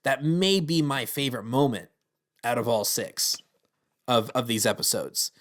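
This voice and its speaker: A man talks through a TV series in a loose, rambling review. His voice sits at an ordinary middle pitch. He sounds earnest and conversational. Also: expressive, a little slow, a bit bright. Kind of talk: casual spoken review.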